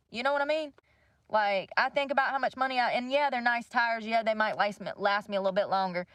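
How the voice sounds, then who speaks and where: A woman's voice: mid-range voice, quick pace, fairly bright tone, dry recording. Woman, casual rant, cursing, dead dry room. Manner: blunt, swears freely, venting about money. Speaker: livestream host.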